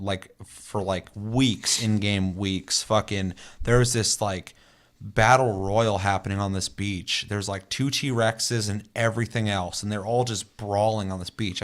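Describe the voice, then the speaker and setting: Low-voiced young man, rambling and profane. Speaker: podcast co-host. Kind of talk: casual chat.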